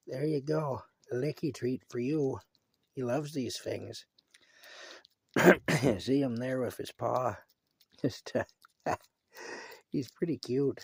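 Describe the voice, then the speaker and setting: A man's voice: mid-range voice, slow pace, pauses often, darkish tone, a little hiss or hum. A man chats affectionately to his cat at home, adding wry jokes about himself, recorded on a phone. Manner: chatty and affectionate, with wry self-deprecating jokes. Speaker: vlogger. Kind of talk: casual talk to his pet. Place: at home by a table.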